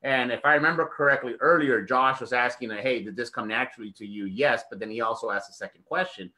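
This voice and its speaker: A man's voice: mid-range voice, quick pace, bright, forceful tone. A man hosting a podcast, hyped and swearing heavily while speaking straight to the listeners. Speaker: podcast host. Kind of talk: podcast conversation.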